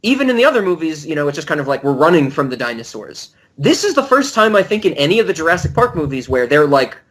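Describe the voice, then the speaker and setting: A man's voice: a little high, very animated, fast, fairly bright tone. A man co-hosting a film podcast, chatting casually and ranting in disbelief, swearing freely. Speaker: podcast co-host. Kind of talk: casual chat.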